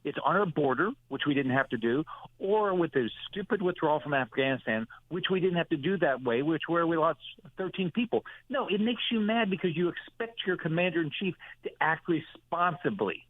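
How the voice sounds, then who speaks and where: A man's voice: on the high side, expressive, a little fast, no room sound. A man calling in to a radio interview as a senator, speaking bluntly and indignantly with heavy emphasis. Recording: tinny phone line.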